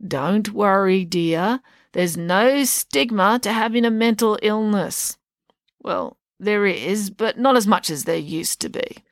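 A woman voicing a kindly but patronising male doctor who speaks slowly and patiently. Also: medium pitch, animated, creaky, no echo, clean studio sound. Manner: slow, patient, soothing.

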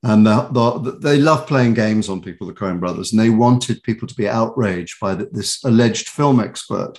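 A man's voice: on the low side, moderate pace, darkish tone. A British man from England, a voice actor and author, telling stories in a casual interview with many restarts and laughs.

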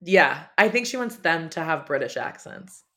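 A woman's voice: low voice, animated, normal speed, a bit bright. A woman hosting a podcast, chatting casually and animatedly about reality TV gossip, laughing often. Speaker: podcast host. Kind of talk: casual chat.

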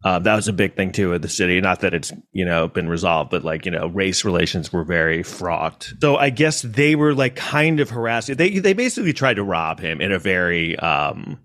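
A man's voice: low-pitched, expressive, fairly quick, hardly any pauses, fairly bright tone. A man from New York City telling a personal story in a casual monologue, rambling with restarts and asides.

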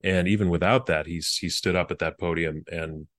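Man, very low voice, dry close sound, earnest and halting, interview storytelling. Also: steady tone, a bit bright, no room sound. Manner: earnest, halting with frequent restarts. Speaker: former presidential speechwriter.

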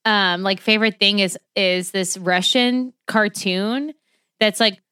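A woman co-hosting a casual true crime podcast, telling the story with lots of swearing, laughter and quick tangents. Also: mid-range voice, steady tone, pushed and bright, clean tone, no room sound, studio quality.

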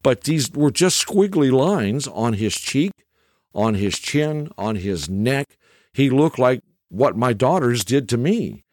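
A middle-aged man tells a rambling, folksy anecdote in a casual monologue, his pitch rising and falling with lively swings. He keeps checking in with "okay?" as he goes. The sound is close and dry, with no room echo. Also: takes it slowly. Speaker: storyteller.

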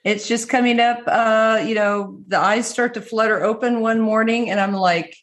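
A woman's voice: a little high, steady tone, normal speed, fairly bright tone. A woman talking as a podcast guest, easygoing and storytelling. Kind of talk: casual interview talk.

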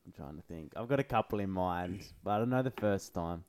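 A man's voice: low-pitched, animated, brisk, darkish tone, clear, resonant tone. A young man, a laid-back podcast co-host in casual chat. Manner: laid-back, laughing, short replies.

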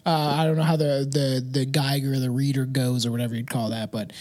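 A man in his thirties co-hosts a podcast and talks in loose, rambling stretches. He laughs often, swears freely and lets his pitch swing up and down as he tells stories. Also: flat delivery, fairly quick, darkish tone. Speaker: podcast co-host. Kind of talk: casual chat.

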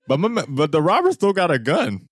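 Lively joking man on a podcast. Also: on the high side, a little fast, husky, no echo, studio quality. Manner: joking, riffs by acting out scenes. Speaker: podcast co-host. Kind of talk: casual movie-recap chat.

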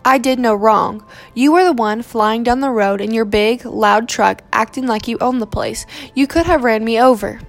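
A woman voicing a short, fed-up young woman who yells back indignantly. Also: a little high, moderate pace, hardly any pauses, faint music behind, natural voice. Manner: yelling, indignant.

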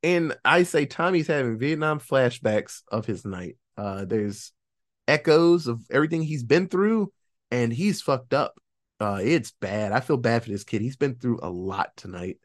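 A man's voice: mid-range voice, lively intonation, measured pace. A man casually recapping a horror movie plot on a podcast, swearing freely and reading out his own notes.

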